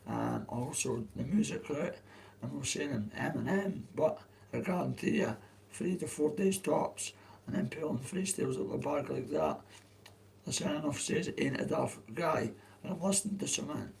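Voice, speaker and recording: A hoarse adult man with a Dundee Scottish accent, chatting on a livestream in a rambling, sweary way. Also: on the high side, animated, normal speed, a little mellow, a little hiss or hum, poor audio. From Dundee, Scotland. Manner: swears freely, restarts often. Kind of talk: rambling casual livestream chat.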